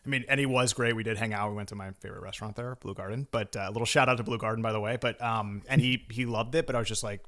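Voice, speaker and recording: A man's voice: on the low side, fairly even intonation, very fast, hardly any pauses, a bit bright. A man co-hosting a podcast in casual chat, rambling and laughing easily as he talks. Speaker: podcast co-host.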